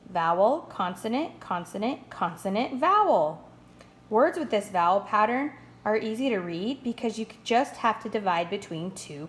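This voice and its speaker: A woman's voice: medium pitch, darkish tone, slight background noise. Patient woman teaching first-grade phonics. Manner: slow, patient explaining, upbeat praise.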